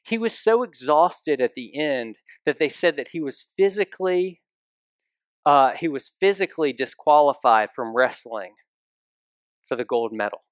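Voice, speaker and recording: A male pastor delivering a sermon in a relaxed, conversational way, often turning to the congregation with direct questions. His voice sits a little higher than most men's, and the sound is dry and close, with little room echo. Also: a little slow.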